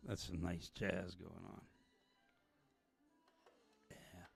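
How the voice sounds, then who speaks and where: Tired gravelly-voiced man venting. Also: sits low, level tone, extremely slow, soft background music. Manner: candid, rambling, swears, laughs it off. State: tired and emotional. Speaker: channel host. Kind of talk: late-night livestream chat.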